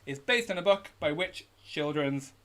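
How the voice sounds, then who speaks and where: A British man with a slightly high voice hosts a live online pub quiz. He keeps an upbeat tone as he reads out questions and shout-outs to teams, recorded at a home streaming setup. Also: animated, moderate pace. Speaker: quiz host.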